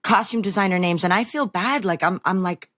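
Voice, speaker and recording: A woman's voice: mid-range voice, fairly quick, fairly bright tone, no echo, studio quality. A woman guest on a podcast, chatting casually and telling self-deprecating stories. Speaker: guest actor.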